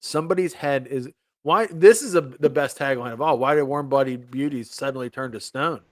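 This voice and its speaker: A man's voice: mid-range voice, fairly quick, no echo, studio quality. A man co-hosting a casual chat, talking keenly about an old movie ad. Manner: enthusiastic, reads a movie ad aloud. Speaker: co-host.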